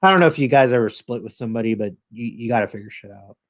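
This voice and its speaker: A man's voice: mid-range voice, lively intonation, rapid-fire. A man hosting his own channel, casually retelling a show in a rambling, profane way with lots of fillers. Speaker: channel host.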